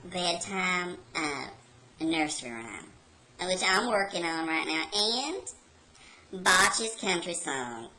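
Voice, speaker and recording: A woman's voice: lowish voice, bright, forceful tone, rough recording. A woman doing a brash hillbilly carny gal. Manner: rambling, drawling, folksy storytelling. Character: brash rebellious hillbilly carnival woman, young adult. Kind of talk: comedic character monologue to camera.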